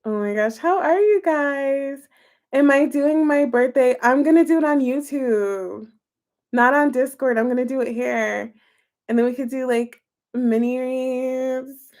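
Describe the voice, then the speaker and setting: Woman tarot streamer, chatty and giggly, unhurried delivery. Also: sits high, darkish tone. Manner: chatty and giggly, answering chat comments. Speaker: tarot reader live-streaming to chat. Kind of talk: casual live-stream chat.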